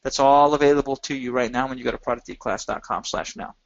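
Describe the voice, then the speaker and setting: A man giving an energetic sales pitch in a webinar, with emphatic rises in pitch. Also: quick pace, gravelly, muffled recording. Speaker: webinar presenter.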